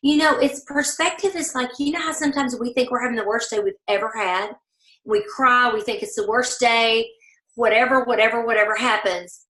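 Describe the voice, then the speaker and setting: A woman from the American South with a Southern accent, leading a motivational team call and talking fast, acting out the voices in people's heads. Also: fairly high pitch, steady tone, sharp tone, reverberant, poor audio. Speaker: team leader.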